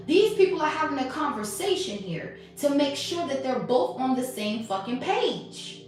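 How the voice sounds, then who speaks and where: A woman's voice: high-pitched, sing-song, normal speed, very echoey, far from the mic, faint music behind. A woman giving blunt, profane spiritual commentary as a tarot reader, acting out quoted conversations. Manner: blunt, profane, preachy, acts out quoted exchanges.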